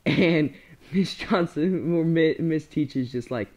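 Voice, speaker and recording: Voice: mid-range voice, slow, a little mellow. A young speaker telling a casual storytime, rambling with slang and frequent laughter. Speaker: storyteller vlogger.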